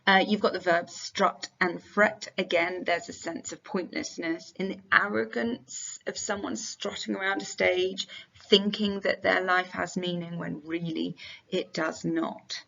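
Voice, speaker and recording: A woman teaching a revision lesson and walking the listener through quoted lines. Her voice has a gravelly, creaky edge. The recording sounds a little dull and lo-fi. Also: fairly low pitch, little pitch movement, unhurried, pushed and bright. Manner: explanatory, reads quotations aloud. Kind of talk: exam revision tutorial.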